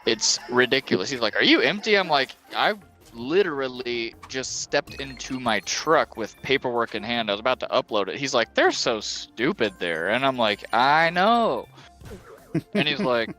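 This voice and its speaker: A man's voice: medium pitch, lively intonation, moderate pace, sharp tone, soft background music. A man streaming a game and chatting casually, telling a rambling story and acting out what people said. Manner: rambling storyteller who acts out quotes. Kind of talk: casual chat while gaming.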